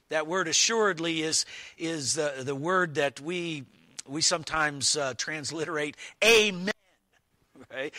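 A man preaching a teaching sermon, slow and deliberate, stressing quoted lines. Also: a little high, sharp tone, no room sound. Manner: slow, deliberate, emphatic on quotations.

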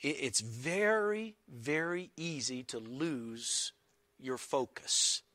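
A man's voice: mid-range voice, animated, pushed and bright, no echo. A man preaching an earnest expository sermon, reading Bible verses and stressing key words with small restarts. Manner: slow, deliberate with small restarts.

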